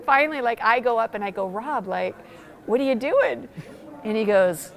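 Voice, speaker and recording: Woman, pastor, animated storyteller, lots of "like", acts out quotes. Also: high voice, brisk. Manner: excited, acts out quotes, many "like" fillers. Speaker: pastor and church planter.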